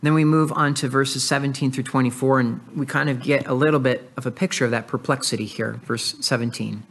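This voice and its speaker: A man's voice: medium pitch, fairly even intonation, fairly quick, a bit bright, breathy edge. A man preaching an earnest sermon, explaining and reading scripture aloud to his listeners. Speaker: pastor.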